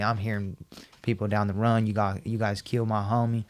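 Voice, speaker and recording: Guy on a podcast w a lowish voice, telling his story all animated, doing the voices of people he's quoting. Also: moderate pace. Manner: animated, acts out quoted dialogue, repeats himself. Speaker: podcast guest. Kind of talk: personal storytelling in a podcast interview.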